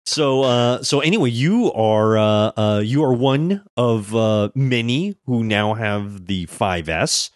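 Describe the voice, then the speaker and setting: A man's voice: medium pitch, lively intonation, takes it slowly, few pauses, no echo, clean studio sound. A man hosting a casual tech podcast, rambling through thoughts with lots of fillers and frequent chuckles.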